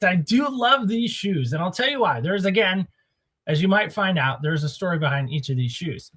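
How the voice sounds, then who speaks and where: Man, vlog host, slightly high voice, playful, teasing countdown, casual chat. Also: animated, normal speed, fairly bright tone, breathy edge. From Oregon. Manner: playful, builds suspense before each reveal. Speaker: host of a sneaker countdown show. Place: small home studio.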